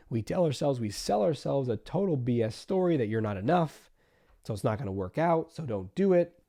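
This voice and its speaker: A man's voice: mid-range voice, mellow. A man who is a therapist, hosting a solo podcast and explaining ideas with everyday examples, sometimes acting out what people tell themselves. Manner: explains with everyday examples and acts out inner voices.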